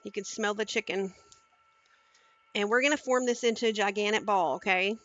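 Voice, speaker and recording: A woman's voice: medium pitch, normal speed, fairly bright tone, dull audio. A woman cooking on a live stream, chatting casually and talking viewers through each step into a headset mic in her home kitchen.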